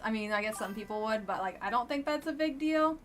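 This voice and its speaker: A woman's voice: fairly high pitch, lively intonation, quick pace. A woman streamer casually commenting on a dating game she plays live, with a blunt, wry and chatty manner.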